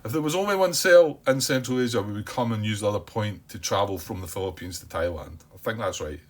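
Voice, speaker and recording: A man playing a board game solo, thinking aloud in a hesitant way, repeating words, questioning himself and calming himself down by name. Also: fairly low pitch, quick pace. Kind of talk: thinking-aloud playthrough commentary.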